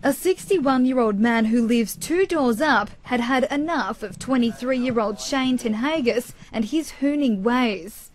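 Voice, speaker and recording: Australian female reporter, news voice-over, slightly high voice. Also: a little slow, hardly any pauses. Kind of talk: scripted news narration.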